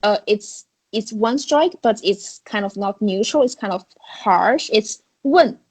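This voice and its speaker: Woman Chinese teacher, slow and careful delivery, Chinese accent, patient explainer, online video-call lesson. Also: mid-range voice, slightly rough, rough recording. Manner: patient, explains step by step with examples.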